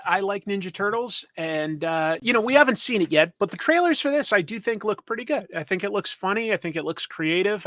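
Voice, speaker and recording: Give me a male comics show host who rambles casually and pokes fun at himself. His voice is high and bright, and it is recorded close and dry. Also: no room sound. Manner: rambling, chatty, self-deprecating. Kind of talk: casual live-stream chat.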